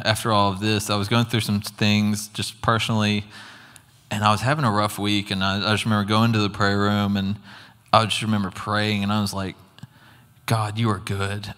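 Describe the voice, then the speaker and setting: A lower-voiced man preaches a testimony and tells it as a story, speaking earnestly and acting out his own reactions. His voice rings with long reverb in a church hall. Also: a bit bright. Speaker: guest preacher. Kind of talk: sermon testimony.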